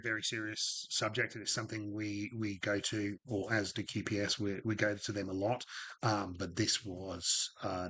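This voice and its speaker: Frank, bright-voiced Australian man telling stories. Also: on the low side. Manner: frank, rambling, with many fillers and restarts. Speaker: retired paramedic telling stories. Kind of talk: casual podcast storytelling.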